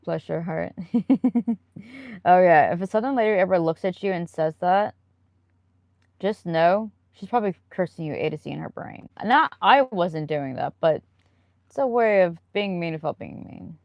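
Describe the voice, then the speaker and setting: A woman hosting a relaxed live stream, chatting loosely with viewers and drifting from one story to the next with frequent laughs. Her voice sits low and has a gravelly, fried edge. The sound is close and dry, with no room echo. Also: moderate pace, muffled recording. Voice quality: chatty and rambling, laughs often. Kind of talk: casual live-stream chat, answering viewer comments.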